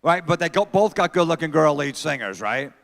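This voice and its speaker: A man's voice: on the high side, animated, brisk, gravelly, a bit bright. A middle-aged man doing stand-up comedy on a theater stage, telling brash, profane stories and talking to the crowd. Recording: long theater reverb.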